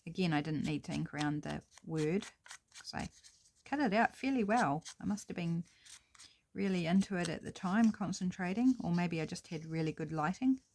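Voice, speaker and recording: A middle-aged New Zealand woman with a fairly low voice chats to her viewers at a moderate pace as she crafts, musing aloud in a relaxed home-video style. This crafting vlogger's casual narration carries a little hiss or hum.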